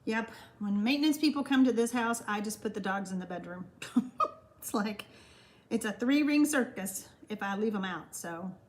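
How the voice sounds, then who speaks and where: A woman's voice: mid-range voice, lively intonation, normal speed. An older woman with a Texan accent, hosting a live card-making class, chatting with viewers and reading their comments aloud. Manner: chatty, reads viewer comments aloud and answers them warmly. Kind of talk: live-stream craft class with chat.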